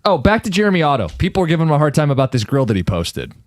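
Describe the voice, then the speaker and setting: A male radio co-host in casual banter who teases his colleagues and tells stories with animation. His pitch jumps around lively. The studio sound is dry and close. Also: very fast, dry recording. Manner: teasing, animated storytelling.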